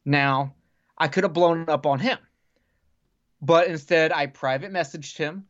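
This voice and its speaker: A man's voice: a little high, measured pace. A man on a podcast telling long casual stories, swearing freely and rambling. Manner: rambling, profane, animated storyteller. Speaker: podcast guest. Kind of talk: casual storytelling chat. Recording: dull lo-fi podcast audio.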